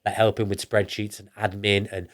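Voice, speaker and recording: A northern English man with a fairly low voice tells his business story in a loose, rambling way. He trips into restarts and repeats himself, then slips into acting out what he and others said, all in a relaxed podcast chat. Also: normal speed. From northern England. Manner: rambling, with restarts and acted-out quoted dialogue. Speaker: entrepreneur guest. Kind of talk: casual storytelling in a podcast interview.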